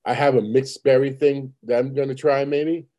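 Chill podcast dude rambling, swears casually, warm mellow voice. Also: male voice, mid-range voice, fairly even intonation, moderate pace. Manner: laid-back, profane, rambling. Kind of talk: casual chat.

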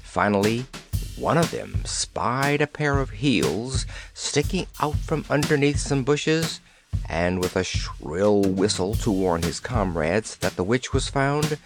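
Male storybook narrator, lively pitch, mid voice, music bed. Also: slow pace. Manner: lively, expressive reading. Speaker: audiobook narrator. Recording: with loud background music.

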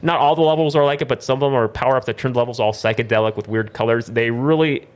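A man's voice: mid-range voice, fast talker. A man from North Dakota hosting a casual gaming podcast, rattling off new game releases in a playful, rambling way. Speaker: podcast host. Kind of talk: casual chat, news rundown.

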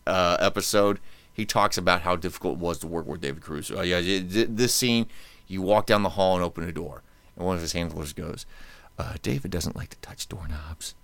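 A man hosting a podcast in casual, joking chat, animated and quick to ham up lines. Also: deep voice, smooth, no echo. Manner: animated, joking, reads quotes in mock-dramatic tones. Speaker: podcast host.

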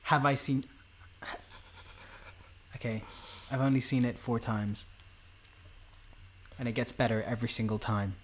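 A man co-hosting a casual podcast chat, enthusiastic and quick to laugh and tease. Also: medium pitch, steady tone, a little hiss or hum. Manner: enthusiastic, laughs easily, teasing. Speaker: podcast co-host.

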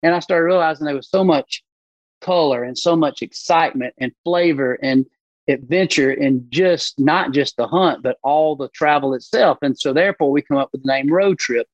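A man's voice: a little high, moderate pace, no echo, lo-fi sound. A man talking as a podcast guest, telling stories animatedly and acting out the voices of people he quotes. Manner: animated storyteller who acts out quoted voices. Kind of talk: casual podcast conversation.

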